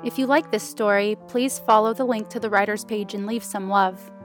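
A woman podcast host reading fan fiction aloud in a soft, intimate storytelling voice. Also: medium pitch, fairly even intonation, normal speed, faint music behind. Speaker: podcast narrator.

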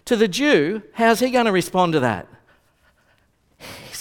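Aussie pastor guy preaching, voice jumps all over, bit high, big echoey church hall. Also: unhurried, long pauses. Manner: animated storytelling, acting out both sides of an argument. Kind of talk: sermon.

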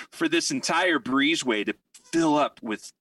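A man telling a long anecdote in casual podcast chat, rambling and animated with many fillers and restarts. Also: a little high, unhurried, recorded from a distance.

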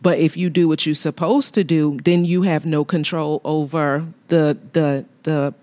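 A woman's voice: deep voice, fairly even intonation, a little slow, mellow. A woman co-hosting a faith talk show with her husband, speaking candidly and with humor about marriage.

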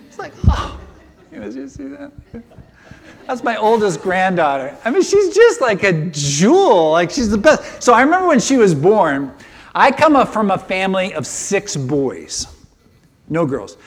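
High-voiced emotional older male preacher. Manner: emotional, animated preaching with repetitions. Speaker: pastor. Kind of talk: sermon.

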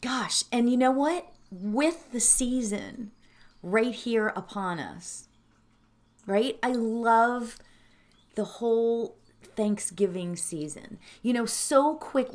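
A woman introducing a guided meditation, speaking earnestly and emotionally, halting and teary with soft laughs. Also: on the high side.

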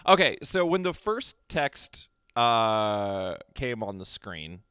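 A man chats on a podcast at an unhurried pace, his pitch swinging widely as he laughs through wry asides. His voice is clear and crisp, recorded dry with no room sound. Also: very animated, a bit bright, no room sound. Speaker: podcast co-host. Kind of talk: casual chat.

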